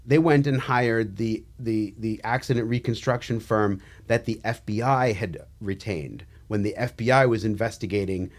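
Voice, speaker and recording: A man's voice: fairly low pitch, moderate pace, hardly any pauses. Joking man co-hosting a legal podcast. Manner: joking, sardonic, many fillers and restarts. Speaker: podcast co-host, trial attorney. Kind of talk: casual legal chat.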